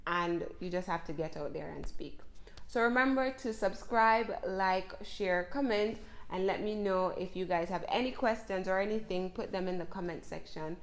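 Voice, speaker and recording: A woman giving casual English speaking tips to camera. She keeps an encouraging tone and often checks in with her viewers by asking "right?". Her voice sits in a middle pitch. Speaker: English coach. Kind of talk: casual teaching talk to camera.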